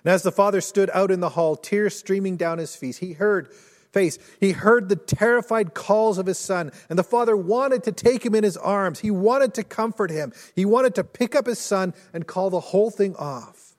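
Earnest preacher man in a reverberant hall. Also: moderate pace. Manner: earnest, builds to intense storytelling then drops low and soft. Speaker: pastor. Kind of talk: sermon.

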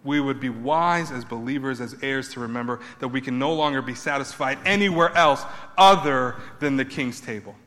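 A man preaching a sermon, building emphatic repeated points and then dropping his voice low. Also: normal speed, a bit bright, long reverb tail. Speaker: pastor.

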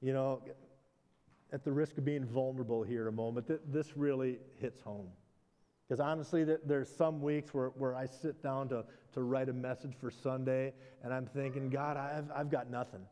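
A man's voice: mid-range voice, steady tone, moderate pace, warm tone, big-room sound. A man, a pastor, preaching a conversational sermon, animatedly acting out the exchanges of a story and adding self-deprecating asides.

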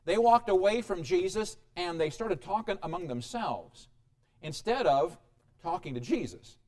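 A man preaching a sermon, dramatic, with sudden rises and quiet drops. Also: high voice, animated, measured pace.

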